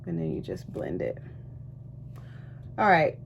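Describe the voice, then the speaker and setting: A woman with a lowish voice and vocal fry chats at normal speed, pausing often, as she does her makeup in a ship cabin for her vlog. The cruise ship singer sounds out of breath but stays animated, with lots of asides to viewers; a slight hiss or hum sits underneath.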